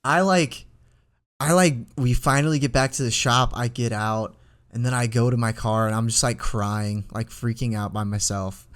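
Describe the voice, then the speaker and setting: A podcast co-host in his twenties, medium-pitched and moderately paced, tells a drawn-out story in relaxed conversation. The telling wanders with frequent restarts, and he perks up when quoting himself.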